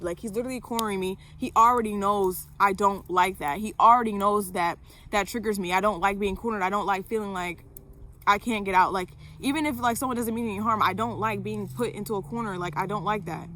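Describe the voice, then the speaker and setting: A woman's voice: mid-range voice, fairly quick, fairly bright tone, a little hiss or hum. A young woman vlogger telling a personal story to camera, candid, with lots of fillers and swearing.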